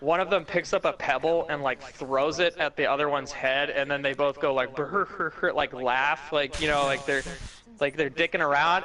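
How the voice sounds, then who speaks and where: A young man co-hosting a podcast, talking in excited, profane run-on bursts full of "like" and restarts. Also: on the high side, moderate pace, rough recording. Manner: animated, profane, talks in run-on bursts with lots of "like". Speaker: podcast co-host. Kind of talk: casual chat.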